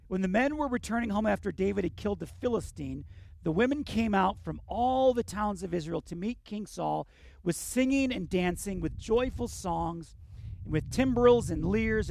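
A man pastor preaching an earnest sermon, swinging between emphatic bursts and hushed reflection. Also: sits high, lively intonation, a little slow, creaky, no echo.

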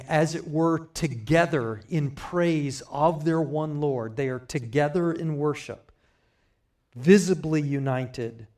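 A man preaching a sermon, explaining scripture in a measured way with light asides. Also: medium pitch, a little mellow.

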